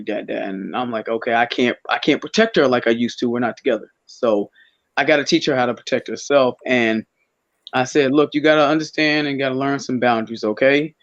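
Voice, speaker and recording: Un hombre invitado a un pódcast, conversando de manera informal y relatando historias con muchas pausas y frases que vuelve a empezar. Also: male voice, medium pitch, a bit bright, lo-fi sound. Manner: rambling storyteller, many restarts. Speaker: podcast guest. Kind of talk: casual chat.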